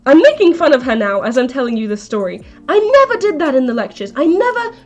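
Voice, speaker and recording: A woman's voice: sits high, big pitch swings, fast, darkish tone. A young adult woman live streaming, retelling a story in a chatty, rambling, indignant way.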